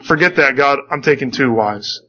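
A man's voice: mid-range voice, normal speed, sharp tone, dull audio. A preacher voicing a boastful, defiant ancient man.

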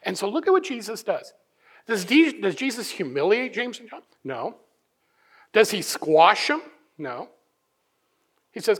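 A middle-aged male pastor preaching a sermon, acting out voices and swinging from hushed asides to loud emphatic points. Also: high-pitched, unhurried, long pauses, slightly rough. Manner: animated, acts out voices, many restarts.

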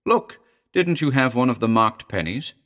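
A man's voice: mid-range voice, lively intonation, normal speed, fairly bright tone, pitched above the performer's own voice, lightly acted. An uneasy, bewildered passerby, hesitant and fumbling, voiced by a male storybook narrator. His tone rises with puzzled surprise.

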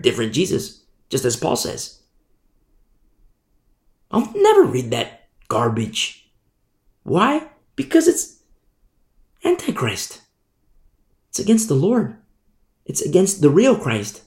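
A man's voice: fairly high pitch, creaky. A man preaching a Bible teaching in a conversational way, acting out little scenes as he goes. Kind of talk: sermon. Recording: echoey room.

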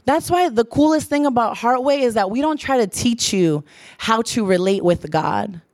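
A woman's voice: fairly high pitch, lively intonation, normal speed, a little mellow, dry recording, studio quality. Earnest young woman preaching. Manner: earnest, repeats phrases for emphasis. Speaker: church speaker. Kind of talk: sermon.

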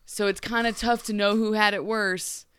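A Midwestern American woman with a slightly raspy voice chats on a podcast about a TV episode. She is animated and sarcastic and acts out the lines of the characters she quotes. The recording is dry and close, and her tone comes through smooth and clear. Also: mid-range voice, normal speed, no echo. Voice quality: raspy right now. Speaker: podcast co-host. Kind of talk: casual chat recapping a TV episode.

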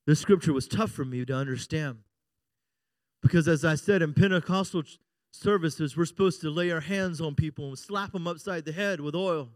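A middle-aged male pastor with a fairly high voice preaches at normal speed in a jokey, conversational style, frequently calling on the congregation for an amen. The studio-quality recording is dry.

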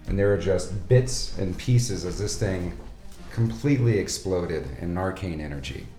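A man narrating a tabletop game as game master, in a dramatic, lively way. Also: deep voice, measured pace. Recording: echoey room with faint music.

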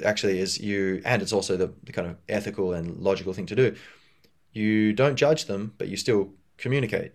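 A man's voice: fairly low pitch, a little mellow. A man hosting a podcast, talking casually on his own in a rambling way with many fillers and restarts. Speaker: podcast host. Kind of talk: casual solo monologue.

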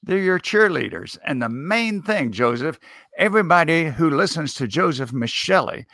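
A man's voice: a little high, pushed and bright, no echo, studio quality. A man who works as a speech coach, answering interview questions in a folksy, emphatic way with the odd chuckle. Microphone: video call.

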